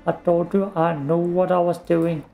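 A man voicing a young heroine witch, speaking gently with a tired, raised voice. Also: fairly high pitch, level tone, normal speed, vocal fry, faint music behind, pitched above the performer's own voice. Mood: tired relief. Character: young heroine witch, weary but steady.

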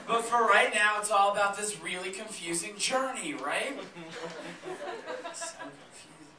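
A man's voice: sits high, measured pace, crowd noise. Man doing stand-up in a roomy club. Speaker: stand-up comedian. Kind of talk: stand-up comedy set. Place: comedy theater stage with live audience laughing. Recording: roomy, distant, noisy live club recording.

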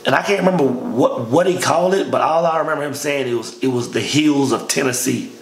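A man's voice: medium pitch, brisk. A man telling a long personal story in a casual, slangy way, calling the listener "man" again and again. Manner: relaxed, says "man" constantly, slangy. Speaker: storyteller recounting army training. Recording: echoey room with faint noise.

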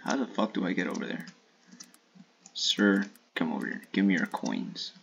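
A man streaming a shooter game in casual live commentary, swearing and trash-talking opponents with sudden excited outbursts. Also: deep voice, normal speed, creaky, a little hiss or hum.

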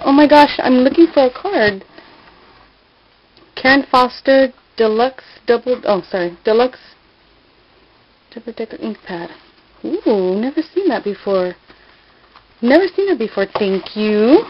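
A woman's voice: fairly high pitch, expressive, unhurried, long pauses, slight background noise, low-quality recording. A middle-aged woman vlogging at home, gushing and giggling as she unboxes a gift. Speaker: craft vlogger. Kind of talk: casual unboxing vlog.

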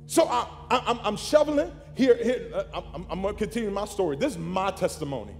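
A pastor preaching an animated sermon to his congregation, calling out to the room. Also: high voice, quick pace, creaky, few pauses, big-room sound, faint music behind.

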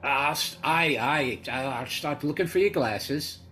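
A man's voice: on the high side, unhurried, soft background music. A man playing a tabletop game, chatty and playful with his character. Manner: lively, playful in-character asides. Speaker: player.

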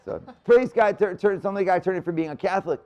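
High-voiced energetic male priest preaching. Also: quick pace. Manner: energetic, conversational preacher with sudden drops to quiet. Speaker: priest giving a marriage retreat talk. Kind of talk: live retreat talk. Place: church room near the Blessed Sacrament.

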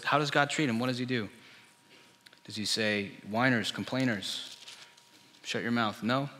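A male pastor delivers a lively, storytelling sermon, slipping into the voices of the people he quotes. His tone is bright and forceful. The long reverb of a church hall trails after every phrase. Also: medium pitch.

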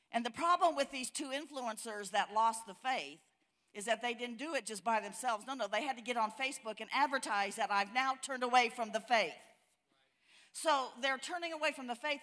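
A woman's voice: medium pitch, pushed and bright. An older woman preaching a sermon at a church conference, folksy and storytelling, building to fiery emphasis. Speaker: conference speaker.

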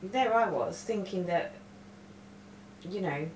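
Middle-aged woman vlogger, lowish voice, rambling chatty storyteller, recorded on a webcam in a roomy home space. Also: expressive, slow, a little mellow, slight background noise. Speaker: cross-stitch vlogger. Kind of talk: casual stitch-along chat. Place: room at home. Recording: roomy echo.

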